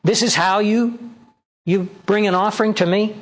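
A man's voice: high voice, steady tone, moderate pace. A male pastor preaching a sermon, reading scripture aloud and pressing the congregation with rhetorical questions. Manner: reads scripture aloud and explains it.

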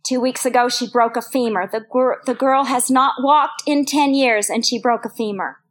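A woman's voice: a little high, moderate pace, a bit bright. An older woman teaching a women's Bible study, earnest and personal, repeating phrases for emphasis. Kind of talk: sermon.

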